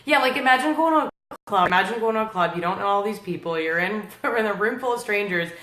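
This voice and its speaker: A woman co-hosting a casual marketing chat, relaxed and agreeable, with plenty of filler words. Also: mid-range voice, fast. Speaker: co-host, business partner. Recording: echoey room.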